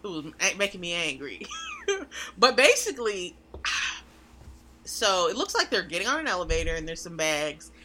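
A woman co-hosting a podcast in casual chat, emphatic and animated. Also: fairly low pitch, a little hiss or hum. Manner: animated, emphatic, drawn-out pauses. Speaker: podcast co-host.

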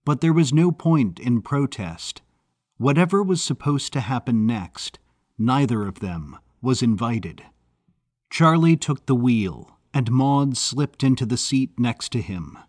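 A man narrating an audiobook in a measured, even reading style. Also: mid-range voice, no echo, studio quality.

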